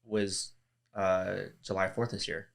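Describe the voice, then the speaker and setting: A man's voice: sits low, little pitch movement, slow, vocal fry. A man hosting an interview, empathetic and reflective, sharing his own experience and often restarting his sentences. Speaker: interview host. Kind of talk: conversational interview.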